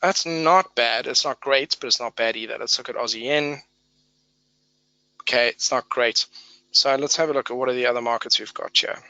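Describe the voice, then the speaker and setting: A man's voice: medium pitch, moderate pace, bright, forceful tone, clean tone, no room sound, muffled recording. A man presenting a live trading webinar, talking through price charts in a conversational way, thinking aloud and repeating key words for emphasis.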